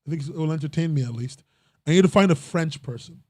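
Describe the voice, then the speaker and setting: A man's voice: on the high side, quick pace, darkish tone, dry recording, clean studio sound. A young man hosting a casual podcast chat, rambling and breaking off mid-sentence, often laughing at himself. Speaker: podcast host.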